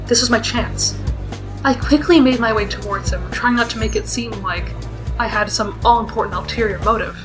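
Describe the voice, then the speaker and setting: A woman with a somewhat high voice reads a visual novel's narration aloud, then slips into wry, self-conscious asides. Soft game music plays faintly behind her. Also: normal speed. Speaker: let's player.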